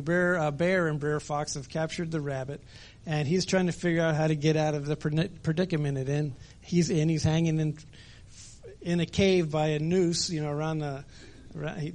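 A man's voice: a little high, a little mellow. A middle-aged man giving a conversational sermon at church, telling stories with many fillers. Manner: conversational storytelling with frequent fillers. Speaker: preacher.

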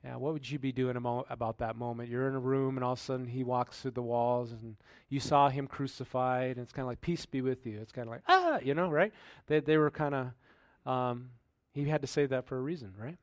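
A man's voice: mid-range voice, flat delivery, fairly quick, hardly any pauses, darkish tone, no echo. Man preaching in a dry room. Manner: reads scripture then comments conversationally, rhetorical questions. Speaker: pastor. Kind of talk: sermon.

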